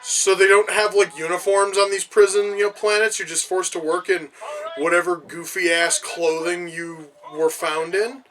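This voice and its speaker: A movie reviewer with a high-sitting, level voice speaks at a normal speed, his tone pushed and bright over poor audio. Reacting casually to a film, he breaks into profane, exasperated rants.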